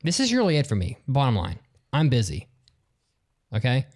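A man's voice: mid-range voice, wildly swooping pitch, moderate pace, a little mellow. A man hosting a casual podcast, talking bluntly and ranting with exasperation. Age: adult with office job. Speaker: podcast host.

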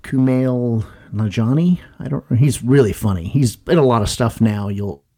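A man co-hosting a podcast, chatting casually in a rambling way, laughing often and acting out scenes loudly. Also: mid-range voice, normal speed. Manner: rambling, laughs a lot, acts out scenes in a loud voice. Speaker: podcast co-host. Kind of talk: casual chat.

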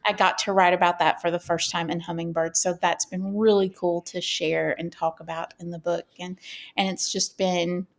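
A woman's voice: on the low side, little pitch movement, normal speed. A woman author, from the Southern United States, talking about her writing in a casual interview, chatty and enthusiastic. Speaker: author guest.

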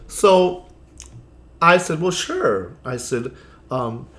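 A man with a fairly low voice swaps stories as an interview guest. He talks in a chatty, animated way and often acts out what people said. A faint hiss of noise sits under his voice. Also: normal speed. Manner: chatty and theatrical, heavy on "you know" fillers, acts out quoted lines. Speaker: drag performer telling stories as interview guest. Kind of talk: casual storytelling interview.

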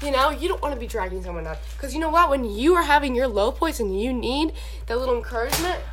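Chatty high-voiced young woman giving faith advice. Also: fast talker, a little hiss or hum. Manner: chatty, animated, talks to her dog between points. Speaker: Christian advice vlogger. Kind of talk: casual faith talk to camera. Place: at home indoors.

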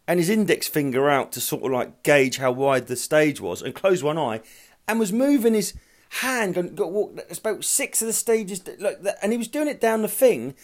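A man hosting a solo podcast, telling rambling, profane anecdotes in a casual chat style. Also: high voice. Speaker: podcast host.

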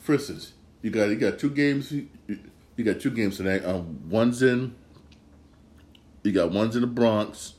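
Male podcast host, low voice, rambling and heated, roomy echo. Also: measured pace, a little mellow. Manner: rambling, repeats himself, gets worked up. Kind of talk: casual sports talk.

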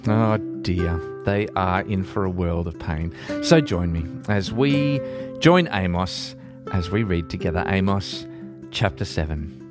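A man hosting a podcast, chatting briefly in an expressive, unhurried way and then reading scripture aloud. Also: low-pitched, over music. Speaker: podcast host reading the Bible.

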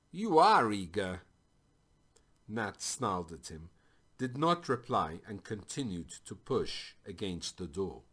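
A man's voice: on the low side, a bit bright, breathy edge. A man reading a fantasy story aloud.

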